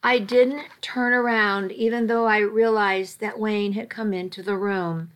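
A woman's voice: mid-range voice, steady tone. A woman narrating a first-person story as an amateur audiobook, stopping now and then to restart a line. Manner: slow, with restarts and slips.

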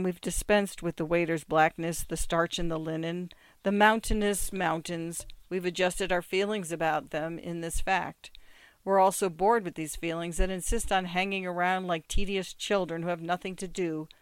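An audiobook reader narrating short stories in an even, measured reading. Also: medium pitch, clean tone, dry recording.

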